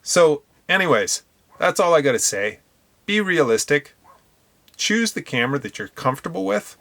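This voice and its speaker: A man with a Northern Irish accent co-hosting a casual podcast chat, talking in an animated, emphatic way. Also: a little high, normal speed, vocal fry. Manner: animated, emphatic, talks through camera specs. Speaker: podcast co-host.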